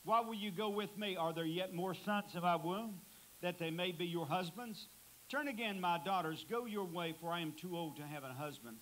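A high-pitched man preaching a sermon in a church, pressing hard on key words and lifting his voice to drive them home. His voice sits well above the usual male range. A faint hiss runs under the recording. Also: normal speed, fairly bright tone, low-quality recording. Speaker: guest preacher.

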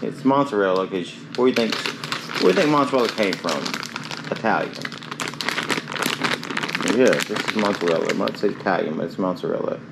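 A man's voice: fairly low pitch, fairly quick, gravelly, pauses often, heavy background noise. A man chatting casually to himself and viewers as he cooks. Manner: chatty, rambling, self-talk while cooking. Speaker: cooking ASMR host. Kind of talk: casual cooking chat.

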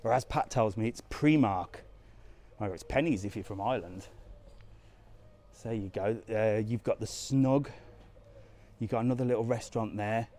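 Chatty man with a mellow voice on a walk. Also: fairly low pitch, fairly even intonation, normal speed. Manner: chatty, points things out, answers live comments. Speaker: travel vlogger on a live walk. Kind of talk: casual live walking chat. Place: outdoors in a resort town streets and squares.

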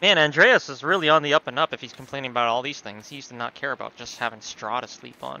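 A man's voice: medium pitch, fast, gravelly, few pauses, a little hiss or hum. A man streaming a story game, commenting casually with jokes and profanity. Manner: joking, profane, animated.

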